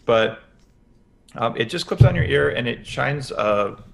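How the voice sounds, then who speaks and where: A man as a podcast guest, explaining practical health advice in an energetic interview. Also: medium pitch, measured pace, gravelly. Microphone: headphones with podcast mic.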